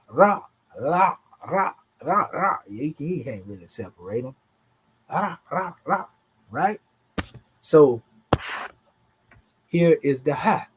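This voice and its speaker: A man's voice: medium pitch, darkish tone, husky. A man with a Southern US drawl giving a casual, emphatic online lesson, talking through charts in a slangy, conversational way. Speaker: teacher.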